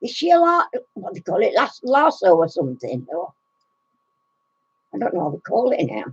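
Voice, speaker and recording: A woman's voice: mid-range voice, huge pitch swings, moderate pace, highs cut off, a little hiss or hum. A woman in her sixties, out of breath, chatting casually and giggling with live stream viewers, greeting them by name. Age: 60s. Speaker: craft channel host.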